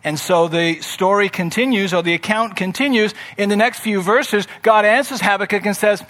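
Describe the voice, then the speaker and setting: A man's voice: sits high, moderate pace, few pauses. A man preaching a sermon, reading scripture and voicing the prophet's complaints with strong emphasis. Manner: expressive, acts out scripture voices with rising emphasis. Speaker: pastor.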